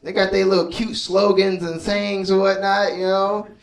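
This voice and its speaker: A man's voice: high voice, flat delivery, moderate pace, far from the mic, low-quality recording. Laid-back profane stand-up comedian, man. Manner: loose storytelling, profane, laid-back asides.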